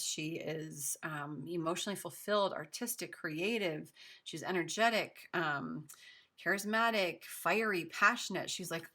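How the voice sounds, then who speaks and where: A woman reads tarot cards to camera in a loose, chatty way, gushing over the cards and leaning on fillers. Her voice is rather low, yet its tone is bright and forward. Smoke has left a light rasp on it. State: raspy from smoke. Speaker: tarot reader. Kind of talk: casual tarot reading to camera.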